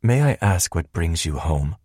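A man doing a calm, polite station AI. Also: deep voice, measured pace, slightly rough, dry recording, studio quality, full character voice. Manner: calm, courteous.

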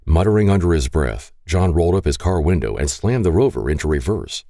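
A man narrating an audiobook in an expressive way. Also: deep voice, fairly quick, hardly any pauses, dry recording, clean studio sound.

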